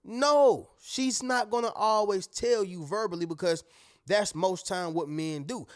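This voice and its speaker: Animated high-voiced man talking to viewers. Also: unhurried, smooth. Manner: animated, repeats points and keeps asking "right?". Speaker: host. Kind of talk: casual motivational talk to viewers.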